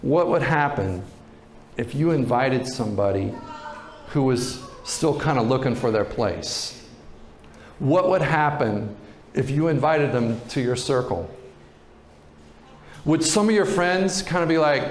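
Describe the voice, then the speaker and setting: A pastor preaching a sermon, retelling a story in a relaxed, conversational way. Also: male voice, medium pitch, a little slow, long pauses, echoey room, slight background noise.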